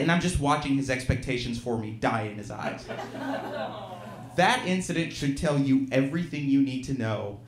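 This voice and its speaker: A man's voice: medium pitch, slight background noise. Self-mocking man telling stories on stage. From Alabama. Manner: self-deprecating, laughs through his lines. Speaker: storyteller. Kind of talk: live stage storytelling. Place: live venue stage, audience present. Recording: roomy live venue sound.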